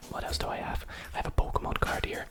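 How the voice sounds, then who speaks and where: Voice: quick pace, poor audio. An ASMR creator whispering casually into a close studio microphone, rambling with frequent restarts. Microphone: close studio microphone, sometimes with pop filter.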